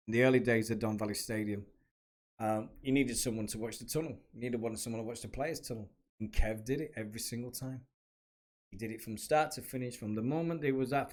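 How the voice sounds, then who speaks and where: A man's voice: on the low side, darkish tone. A man hosting a podcast, reminiscing in a rambling, chatty way. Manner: rambling, chatty, with many restarts. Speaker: podcast host and former kit man. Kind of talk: casual reminiscing monologue.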